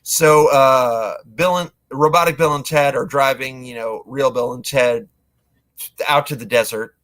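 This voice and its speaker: Guy rambling through a movie plot, lots of uh and like, mid pitch. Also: fairly even intonation, measured pace, a bit bright. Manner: rambling, filler-heavy, acts out lines. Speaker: movie reviewer. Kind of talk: casual plot retelling.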